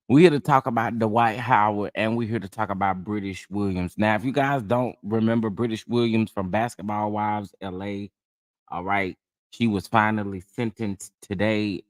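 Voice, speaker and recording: A man's voice: on the low side, dry recording, clean studio sound. A man hosting a casual live chat, feeling under the weather, greeting viewers by name in a chatty, drawling way. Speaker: livestream host.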